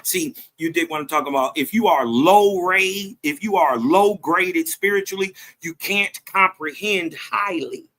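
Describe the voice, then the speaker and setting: A man's voice: high voice, measured pace, few pauses, sharp tone. A man, commenting on a debate clip in an emphatic, preachy way that keeps asking "right?". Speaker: host reacting to a clip.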